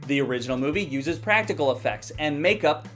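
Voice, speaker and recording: A man's voice: on the high side, animated, brisk, fairly bright tone, faint music behind. A young man giving a heated, profane rant as a movie reviewer, sounding exasperated and blunt.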